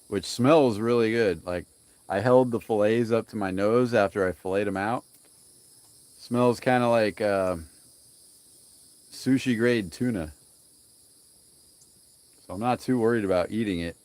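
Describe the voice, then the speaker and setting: A young man with a lowish voice talks through his cooking outdoors. He rambles in a relaxed way and greets his stream's viewers by name. Insects chirp in the background. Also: dry recording. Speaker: livestream cooking host. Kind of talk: casual live-stream chat while grilling. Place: outdoors by a grill and smoker.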